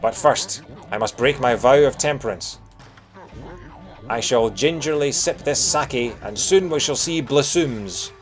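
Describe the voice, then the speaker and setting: A Scottish man voicing a solemn old village elder, speaking slowly and grandly in a pompous, theatrical way. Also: medium pitch, faint music behind, close to an everyday voice.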